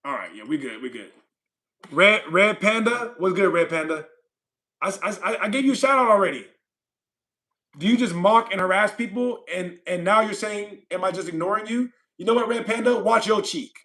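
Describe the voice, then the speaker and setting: A man's voice: high voice, expressive, normal speed, sharp tone. A man from California hosting a livestream, chatting casually and reading viewer comments aloud, rambling and repeating himself with frequent laughs. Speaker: livestream host.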